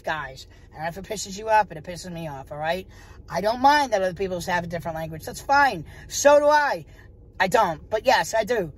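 A woman's voice: fairly low pitch, lively intonation, moderate pace, slightly rough. A woman from the United States talking to viewers in a casual vlog, blunt and heavily profane. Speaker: vlogger. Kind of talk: casual vlog talk to camera.

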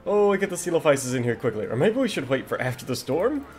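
A man hosting a casual video game commentary, excitable and jokey as he talks to his viewers. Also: on the high side, fast talker, faint music behind. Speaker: gaming video host.

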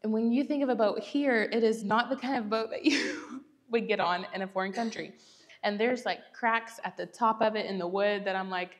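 A woman's voice: medium pitch, fairly even intonation, moderate pace. A young woman, giving a chatty, self-deprecating Bible talk with frequent laughter. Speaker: church speaker. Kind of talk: casual Bible teaching talk.

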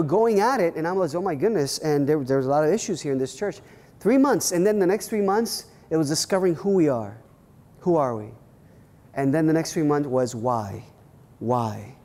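A man, a pastor, giving a workshop talk, telling personal stories in an animated way with many restarts and repeated words. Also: a little high, in a large hall. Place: church hall at a leadership weekend.

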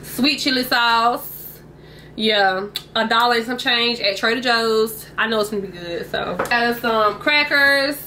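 A young woman vlogger chats casually with her viewers about her grocery haul from home, indoors, calling them y'all. Her fairly high voice sounds pushed and bright and she speaks unhurriedly, recorded on a camera mic with a little hiss or hum.

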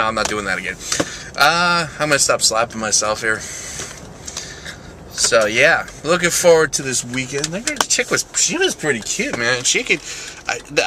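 A man's voice: on the high side, noisy background. A young man vlogging casually, joking, rambling and making fun of himself. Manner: joking, rambling, self-mocking. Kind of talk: casual vlog.

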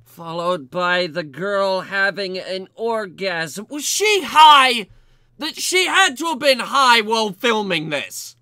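High, bright-voiced sarcastic man reviewing films. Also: lively intonation, slow. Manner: mocking, exasperated, swears, sometimes shouts in outrage. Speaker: movie reviewer. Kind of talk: sarcastic comedic film review commentary.

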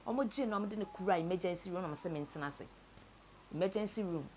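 A Ghanaian woman with a somewhat low voice, interviewed on camera, tells a painful story from her own life at a fast pace. She switches between Twi and English, her voice often sinking low and soft, and a faint noise sits beneath the recording.

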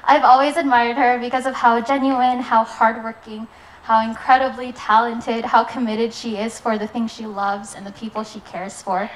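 A woman's voice: on the high side, little pitch movement, normal speed, rough recording. A young woman, the maid of honor, giving an earnest, prepared wedding speech that sounds a little nervous.

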